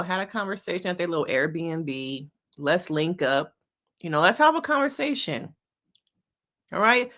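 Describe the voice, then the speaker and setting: A woman therapist reacting to a reality show in a bright, clear voice that swings up and down with lively energy. She takes her time, unhurried and drawn out, and talks straight to her viewers in a chatty, slangy, playful way. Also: medium pitch. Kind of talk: casual reaction commentary.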